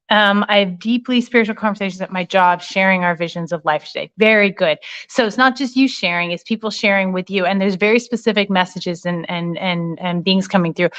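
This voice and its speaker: A woman's voice: mid-range voice, a bit bright, lo-fi sound. A middle-aged woman giving a live tarot reading over her phone, chatty and affectionate, with many fillers. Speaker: spiritual reader.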